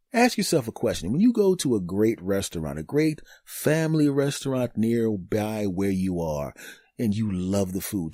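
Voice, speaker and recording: A man's voice: fairly low pitch, no echo. A fifty-year-old man hosting his own comedy podcast, riffing alone and acting out bits of mock dialogue. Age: 50s. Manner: animated, acts out mock dialogue in bursts; laughs at his own jokes. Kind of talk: solo comedic podcast monologue.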